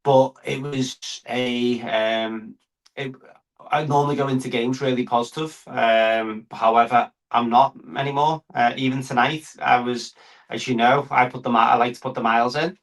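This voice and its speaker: A man joining a football podcast over a call, talking in a rambling, halting way with frequent restarts. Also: medium pitch, fairly even intonation, a bit bright, low-quality recording. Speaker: podcast guest. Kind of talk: live football reaction chat. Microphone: remote call.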